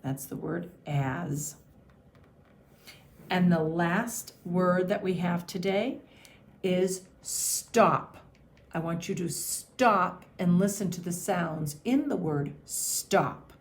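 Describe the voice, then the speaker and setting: A woman teacher giving a patient phonics and handwriting lesson to young children, sounding out each letter slowly. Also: lowish voice.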